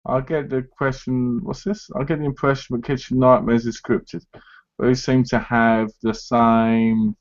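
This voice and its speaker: A man's voice: medium pitch, little pitch movement, measured pace. A man hosting a casual live chat, talking in a chatty way and acting out other people's lines as he goes. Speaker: live stream host. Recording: dull lo-fi stream audio.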